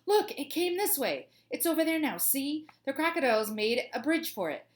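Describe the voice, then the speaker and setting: A woman reading aloud and voicing an irate wild boar, calling out in a high, urgent voice. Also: sing-song, moderate pace, reverberant.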